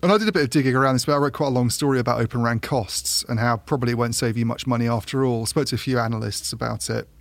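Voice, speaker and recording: A man's voice: mid-range voice, gravelly, no echo. A man chatting casually as a podcast co-host, often stumbling and repeating words as he explains. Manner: halting, repeats words, restarts. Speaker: podcast co-host, tech journalist. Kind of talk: casual chat.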